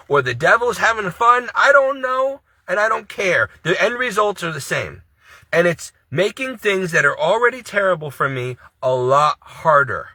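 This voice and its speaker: A man pours out a distressed, pleading monologue in a high, bright voice with a husky edge. He speaks to the camera with mounting exasperation, recorded dry and close. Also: dry recording. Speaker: Catholic video creator.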